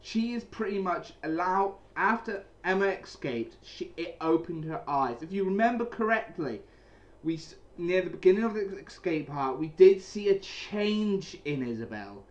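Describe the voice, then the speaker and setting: A man's voice: sits high, lively intonation, normal speed, muffled recording. A man casually recapping and reviewing a comic chapter, rambling with many restarts and repeated phrases, speaking from a small room at home. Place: small cold room indoors with a heater running.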